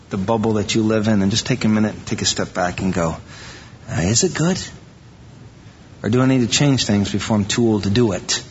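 A pastor from Iowa giving a conversational, animated sermon to his church, acting out quoted voices now and then. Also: fairly low pitch, a little hiss or hum. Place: church sanctuary. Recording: dull reverberant church recording.

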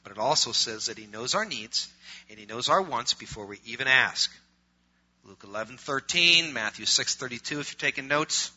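A middle-aged male pastor preaching a sermon, swinging from loud emphatic preaching to quiet conversational asides. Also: medium pitch, animated, normal speed, breathy edge. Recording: muffled lo-fi recording.

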